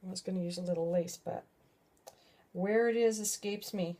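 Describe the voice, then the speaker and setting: A woman's voice: fairly low pitch, steady tone, moderate pace, dark tone. A middle-aged woman hosting a casual craft video at home, chatting and rambling as she works and often breaking off mid-thought. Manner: chatty, rambling, self-interrupting. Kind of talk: casual craft tutorial chat.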